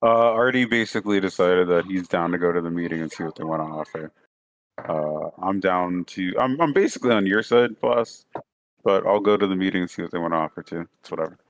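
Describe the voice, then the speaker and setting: Deep-voiced, laid-back man. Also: brisk, no echo. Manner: laid-back, hesitant, lots of fillers. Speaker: player in voice chat. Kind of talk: casual gaming chat.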